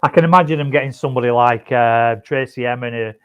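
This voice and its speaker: A man's voice: medium pitch, fast, a bit bright, clean tone, dull audio. A man co-hosting a podcast in casual chat, often ending remarks with tag questions. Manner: chatty, seeks agreement with tag questions. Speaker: podcast co-host.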